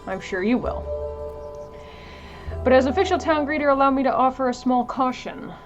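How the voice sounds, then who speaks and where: A woman's voice: high voice, animated, moderate pace, highs cut off, soft background music, voice pushed up. A woman voicing a folksy, overly courteous frontier town greeter who speaks with genteel, flowery politeness.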